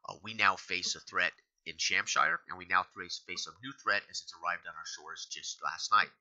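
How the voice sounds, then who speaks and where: A man's voice: deep voice, moderate pace, pushed and bright, heavily acted. A man voicing a stern lord of a keep who gives curt commands to his advisors. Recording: dull lo-fi recording.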